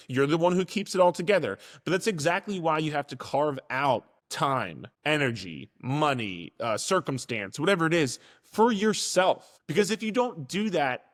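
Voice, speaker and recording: A man with a mid-range voice talks casually and directly as a fitness coach in a motivational monologue. He swears now and then for emphasis. His voice rings with long reverb, as in a hall. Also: mid-range voice.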